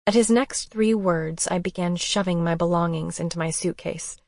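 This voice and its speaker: A woman narrating a romance audiobook in the first person, expressive and emotional. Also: on the low side, moderate pace, no room sound, studio quality.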